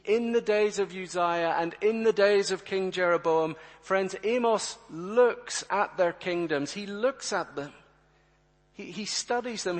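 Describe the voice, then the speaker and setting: A man preaching a sermon to his congregation, emphatic, full of rhetorical questions and direct appeals. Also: sits high. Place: church. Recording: reverberant church hall.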